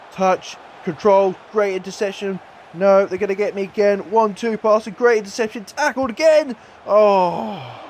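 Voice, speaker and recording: Excitable man calling a football game. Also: a little high. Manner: excitable, bursts into shouts at chances. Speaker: gaming YouTuber. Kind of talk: live play-by-play game commentary.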